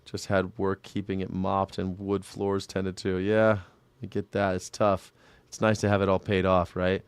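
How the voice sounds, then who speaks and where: A man runs a loose livestream as an independent commentator. He rambles, swears freely and jokes back at viewers in the chat. His voice comes through smooth and crisp on a close, dry mic. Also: sits low, monotone, unhurried, no echo. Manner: rambling, profane, jokey, talks back to viewers by name. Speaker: independent news and culture commentator. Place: home in Southern California.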